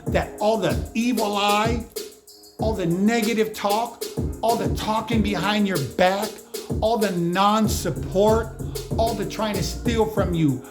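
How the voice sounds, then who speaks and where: A man's voice: high voice, slow. A man giving an emphatic, slangy motivational monologue on spiritual matters, lecturing his viewers directly. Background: music playing behind.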